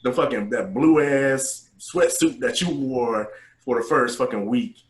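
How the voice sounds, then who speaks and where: A man co-hosting a casual podcast, telling profane boot camp stories and loudly acting out the voices of the people in them. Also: mid-range voice, a little slow. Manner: profane, animated, acts out quotes loudly. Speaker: podcast co-host, navy veteran. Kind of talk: casual storytelling chat. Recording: echoey room.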